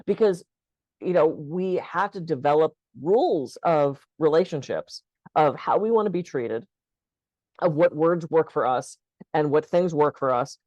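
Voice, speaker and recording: A woman co-hosting a podcast, telling stories in a lively way and acting out the quoted lines. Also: low-pitched, unhurried, no echo, highs cut off. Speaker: podcast co-host. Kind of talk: casual podcast conversation.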